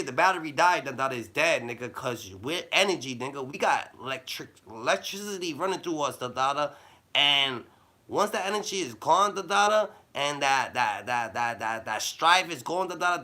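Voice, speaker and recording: Rambling man with a bright, tense voice. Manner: loose slang-heavy talk with a repeated "da, da, da" filler; swings between low mumbling and loud bursts. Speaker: vlogger giving life advice. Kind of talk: rambling motivational monologue.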